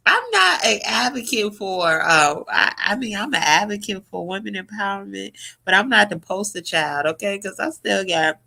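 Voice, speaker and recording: A woman chats through a casual commentary vlog in a bright, forceful voice. She is loud and profane, talks straight to her viewers as y'all, and keeps breaking into high shrieking laughter. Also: moderate pace, vocal fry. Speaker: YouTube commentary vlogger.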